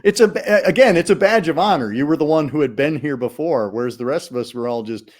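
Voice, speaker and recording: A man's voice: on the high side, quick pace. A man hosting a horror film podcast, opening with a theatrical scripted intro and then chatting casually with his guests. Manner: lively, theatrical delivery. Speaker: podcast host.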